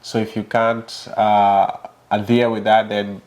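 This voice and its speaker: A man's voice: fairly low pitch, level tone, a little slow, darkish tone, muffled recording. A man hosting a casual interview, chatty and laughing often with many restarts. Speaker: host.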